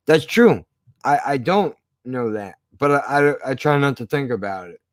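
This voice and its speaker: A man's voice: medium pitch, normal speed, no echo. Profane man telling a story, dry sound. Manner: profane, animated retelling. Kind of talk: casual storytelling.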